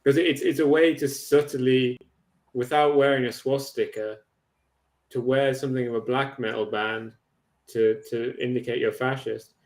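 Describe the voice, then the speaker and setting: A man's voice: mid-range voice, steady tone, normal speed, reverberant. A man co-hosting a podcast, talking through a point in a thoughtful, hedging way. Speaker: podcast co-host. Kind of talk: casual conversation.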